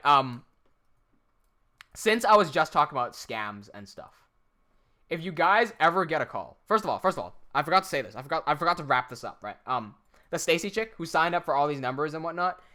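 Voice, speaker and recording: A young man talking loosely to his live-stream chat, with a bright, forward edge to his voice. He swears freely, laughs easily and lets his energy bounce around. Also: mid-range voice. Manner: animated, profane, laughs often.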